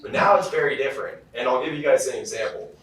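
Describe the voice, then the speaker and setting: A man from California gives a casual motivational keynote, rambling through stories with easy fillers at a mid-range pitch. He stands well back from the microphone, so his voice arrives distant. The big hall around him rings with heavy echo, and a faint hiss of room noise sits underneath. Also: fast, fairly bright tone. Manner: casual storytelling with many fillers. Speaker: keynote speaker. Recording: very echoey hall, heard from far off.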